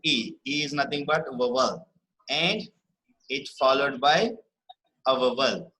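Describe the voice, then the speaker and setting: A man teaching a spelling lesson online, explaining rules patiently and often checking in with "right?" and repeating key words slowly. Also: medium pitch, bright, forceful tone, rough recording. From India.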